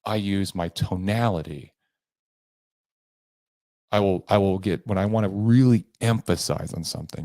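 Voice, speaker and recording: Sitting low with a dark tone, his speech moves at normal speed with frequent pauses. As a podcast host and sales trainer, he delivers emphatic motivational coaching solo, shifting pace and tone for effect, in a dry, clean studio recording.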